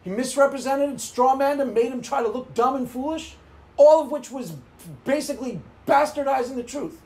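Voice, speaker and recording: A man's voice: very high voice, moderate pace, warm tone. A man hosting his own channel, giving opinionated video commentary in an emphatic, scolding way, repeating his points for weight. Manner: emphatic, repetitive, scolding rant. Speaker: channel host.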